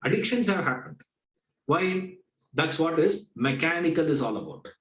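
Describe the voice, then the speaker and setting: Male vedanta teacher, fairly high voice, rhetorical, echoey room. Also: sing-song, moderate pace, a bit bright. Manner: conversational, rhetorical questions, acts out dialogues. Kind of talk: spiritual discourse lecture.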